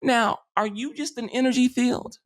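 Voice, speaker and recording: A man's voice: very high-pitched, normal speed. A man teaching metaphysics in a loose, rambling lecture, often restarting and tagging on "you see.". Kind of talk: informal spiritual lecture.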